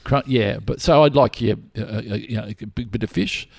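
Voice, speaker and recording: A man's voice: medium pitch, brisk, gravelly, a little mellow, dry recording. A middle-aged man co-hosting a podcast in casual comedic chat, rambling and jokey with stumbling restarts. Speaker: podcast co-host.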